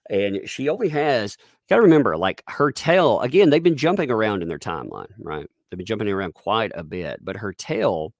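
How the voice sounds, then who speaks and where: With a Southern US accent, a man chats casually on a live stream, reading viewer tips while rambling, restarting sentences and chuckling often. His voice is on the low side, very animated and brisk, recorded dry in studio quality.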